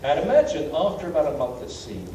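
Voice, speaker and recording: A man's voice: fairly high pitch, very animated, fast talker, dark tone. A British man giving a humorous travel lecture to a college audience, telling stories with a self-deprecating touch and lots of ums and uhs, recorded from far off in a lecture hall. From Britain. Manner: anecdotal, self-deprecating, many fillers. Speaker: guest lecturer. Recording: echoey hall from far off, faint hiss.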